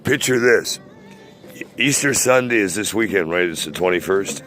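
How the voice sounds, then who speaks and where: A man's voice: low voice, animated, normal speed, over music. Profane rambling man in his sixties. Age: 60s. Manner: many "uh" and "um" hesitations. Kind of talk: casual rant to a friend.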